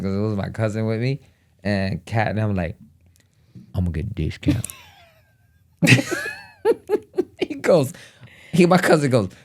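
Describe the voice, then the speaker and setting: A man telling a family story in casual chat, acting out the people in it and laughing often. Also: on the low side. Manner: animated, acts out quotes in different voices. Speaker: family vlogger.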